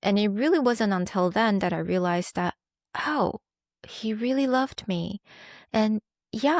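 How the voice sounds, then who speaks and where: In a personal, frank monologue, this young woman podcast host reflects on what she's lived through, laughing lightly now and then. Her voice sits at medium pitch, and the studio recording is clean and free of room sound.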